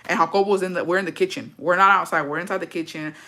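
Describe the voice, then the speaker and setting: A woman's voice: lowish voice, fairly even intonation, rapid-fire, sharp tone. A young woman telling a personal story in a casual vlog, blunt and swearing a lot, rambling with fillers and slipping into Spanish.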